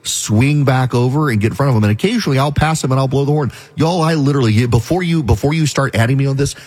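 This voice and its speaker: A man's voice: medium pitch, fast, a little mellow, breathy edge. A man hosting a talk show, delivering an emphatic, opinionated monologue in a conversational, repetitive way. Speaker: radio talk show host.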